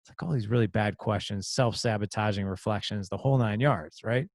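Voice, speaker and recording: Gravelly man telling a confessional story. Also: on the low side, no echo, studio quality. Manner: confessional, emotional, halting with restarts. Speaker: podcast host. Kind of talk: personal storytelling.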